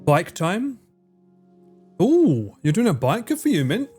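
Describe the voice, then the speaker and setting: A man's voice: high-pitched, wildly swooping pitch, slow, a little mellow, husky, faint music behind. Laughing, swearing streamer man. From United Kingdom. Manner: joking, swears freely, laughs a lot. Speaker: livestreamer. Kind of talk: casual gaming livestream chat.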